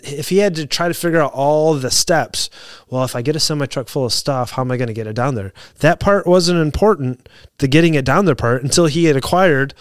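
A man's voice: on the high side, no echo, studio quality. A man, a fire officer, giving an earnest motivational talk built on stories from training new firefighters, often restarting his sentences. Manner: earnest, repeats and restarts, gets heated retelling.

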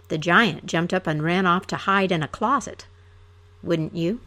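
A woman's voice: on the low side, unhurried, pushed and bright. A woman reading a humorous narrative poem aloud, playful, with wry emphatic asides. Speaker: poetry reader.

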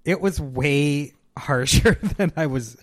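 A man co-hosting a podcast, chatting easily about movies, laughing often and pausing with uhs. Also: a little high, no echo, studio quality. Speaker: podcast co-host. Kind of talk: casual movie chat.

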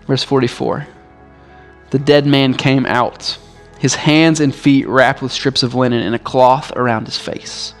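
A male pastor delivering a sermon in a relaxed, conversational way, often dropping in "like" as he speaks. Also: mid-range voice, a little slow, faint music behind. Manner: casual, conversational preaching with frequent "like".

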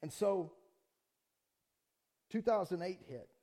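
A middle-aged man preaching as a pastor, telling a personal story in a conversational style that swings from quiet asides to loud, heated outbursts. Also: high voice, lively intonation, slow pace, gravelly. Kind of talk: sermon with personal testimony.

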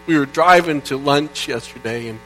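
A middle-aged man from Indiana preaching a sermon, reading psalms aloud in an earnest way that swings between quiet and loud. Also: mid-range voice, normal speed. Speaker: pastor. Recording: faint mains hum. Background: faint mains hum.

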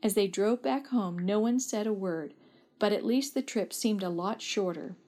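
A woman's voice: medium pitch, moderate pace, mellow. Woman reading a storybook aloud. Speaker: narrator.

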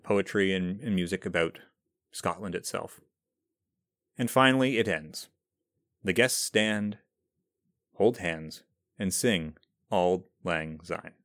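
A man's voice: on the low side, no room sound, clean studio sound. A man hosting a podcast, reading a scripted explainer in a conversational, self-deprecating way. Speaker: podcast host.

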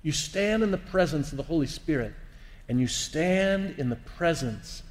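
A man's voice: on the high side, animated, normal speed. Reflective male teacher with long reverb. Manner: warm, reflective, asks the listener questions. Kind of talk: teaching talk on faith.

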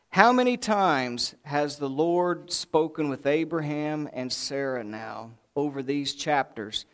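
A man preaching a sermon in an animated, folksy way, with joking asides to the congregation. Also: medium pitch.

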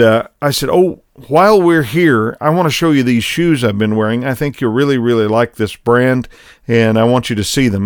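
A man's voice: mid-range voice, clear, resonant tone, dry recording, clean studio sound. A middle-aged man hosting a program, telling a personal story in a folksy, conversational way that leads into a spiritual lesson. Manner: folksy, conversational, self-deprecating. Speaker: program host.

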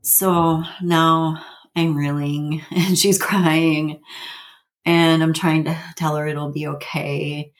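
A woman in her fifties with a notably low voice tells a personal story. She speaks haltingly, with plenty of fillers and nervous little laughs. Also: flat delivery. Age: 50s. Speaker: guest telling her family story.

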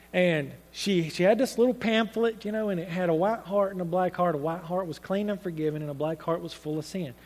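A man's voice: high-pitched, big-room sound. A man preaching a sermon, speaking in an earnest, conversational storytelling way with frequent restarts.

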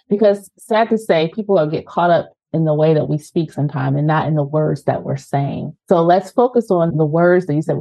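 A woman's voice: sits low, dark tone, no echo, low-quality recording. A woman co-hosting a podcast, coaching listeners on how to speak up in meetings with earnest rhetorical questions. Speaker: podcast co-host. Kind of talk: conversational advice podcast.

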